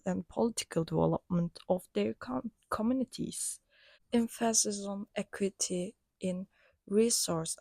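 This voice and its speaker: A woman reading a prepared lesson aloud in a careful, measured way, with small restarts. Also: lowish voice, vocal fry, darkish tone, no echo. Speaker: educational presenter.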